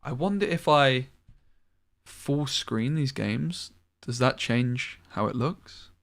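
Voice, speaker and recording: A man casting a card game tournament live, calling plays briskly and thinking aloud between moves. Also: medium pitch, creaky. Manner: brisk analytical play-by-play with thinking-aloud asides. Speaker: tournament caster. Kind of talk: live esports play-by-play commentary.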